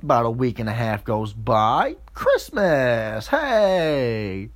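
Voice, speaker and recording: A man in his twenties speaks slowly, his pitch swinging hugely, as he tells a crude, rambling story in a swearing comedic rant. He jumps into loud, high-pitched mocking voices.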